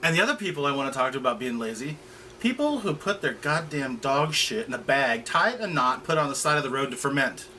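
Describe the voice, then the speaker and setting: Blunt, bright-voiced man complaining. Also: mid-range voice, lively intonation, fast talker, a little hiss or hum. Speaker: co-host. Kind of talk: casual chat over drinks.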